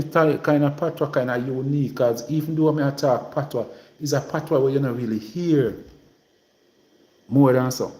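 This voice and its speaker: A man's voice: medium pitch, mellow, echoey room. A man from Jamaica with a Trelawny patois accent, chatting casually to viewers on his livestream and drifting between patois and English. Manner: rambling, mixes patois and English. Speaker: livestream host.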